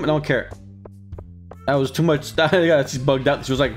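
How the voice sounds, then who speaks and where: A man's voice: mid-range voice, steady tone, moderate pace, faint music behind. A man giving casual, playful commentary on his own gameplay, talking to himself and jumping into silly voices. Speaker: let's play gamer.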